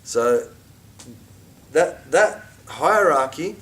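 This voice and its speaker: A middle-aged man teaching an informal religious class, chatty and animated, with asides and mock quotes. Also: on the high side, very slow, distant mic.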